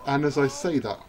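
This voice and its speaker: A man's voice: medium pitch, darkish tone, slight background noise. Chatty man narrating a game. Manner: chatty, self-mocking, cheering at the screen. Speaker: gaming channel host. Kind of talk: let's-play commentary.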